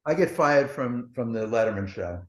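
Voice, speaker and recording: A man's voice: medium pitch, animated, moderate pace. A man, a former TV producer guesting on a podcast, telling rambling, profane backstage anecdotes full of "he goes" and "blah, blah.". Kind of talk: anecdotal storytelling.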